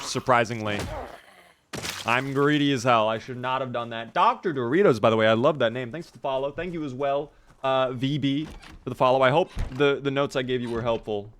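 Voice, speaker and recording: Hoarse man streaming a game. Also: mid-range voice, fairly bright tone, a little hiss or hum. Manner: chatty, answers chat questions. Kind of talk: casual gameplay commentary.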